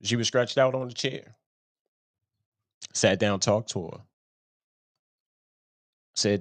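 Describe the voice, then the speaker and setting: A man's voice: on the low side, slow, long pauses, no echo. A man hosting a show, telling a story in a rambling, casual monologue and often laughing at himself. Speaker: show host.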